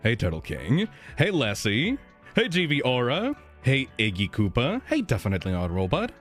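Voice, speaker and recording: A man's voice: medium pitch, huge pitch swings, moderate pace, a bit bright, soft background music. A man streaming live, chatting casually, greeting viewers and swearing a lot.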